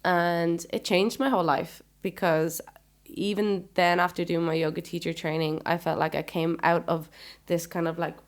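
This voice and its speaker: Irish singer lady guesting on a podcast, lowish voice, calm and earnest, lots of "you know". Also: normal speed. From Ireland. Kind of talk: casual interview chat.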